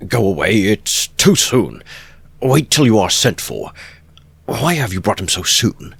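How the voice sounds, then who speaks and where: A man's voice: low-pitched, sing-song, moderate pace, no echo, heavily acted. A man voicing a sly middle-aged male magistrate who mocks and gloats. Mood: annoyed. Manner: sly, mocking, playful.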